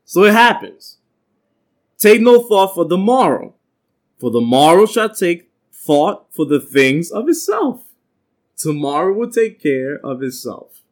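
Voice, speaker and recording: A man's voice: high voice, unhurried. A man teaching an informal bible class, telling stories from his working life and acting out the voices of the people in them. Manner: animated, acts out quoted voices, streetwise New York slang.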